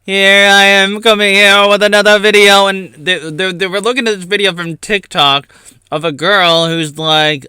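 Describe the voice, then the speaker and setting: Young man with a fairly high voice, chatty and wandering off topic as he rants to camera. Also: level tone, normal speed, pushed and bright, clean tone, dry recording, clean studio sound. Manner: rambling, self-interrupting, goes off on tangents. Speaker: YouTuber. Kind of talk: rambling solo rant.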